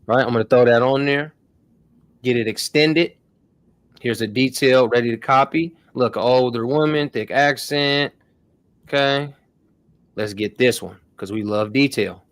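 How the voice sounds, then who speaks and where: A man's voice: medium pitch, measured pace, long pauses, no echo. A man hosting a casual tech tutorial stream, talking loosely in slang to his viewers. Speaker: host.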